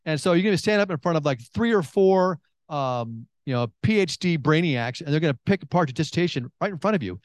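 A middle-aged man preaching a sermon, emphatic and repetitive, swinging between excited bursts and hushed intensity. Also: fairly high pitch, fast, dry recording. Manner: repeats phrases and restarts.

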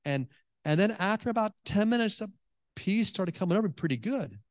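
A man preaching a sermon to a congregation, telling stories in an animated way with many restarts. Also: high-pitched, a little fast, no room sound. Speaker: pastor. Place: church hall with congregation.

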